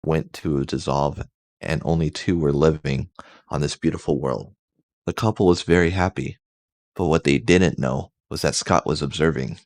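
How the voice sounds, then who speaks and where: A man hosting a mock-dramatic comedy reading, reading haltingly and stumbling over words. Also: very deep voice, fairly even intonation, darkish tone, dry recording. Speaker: host reading comic fiction aloud.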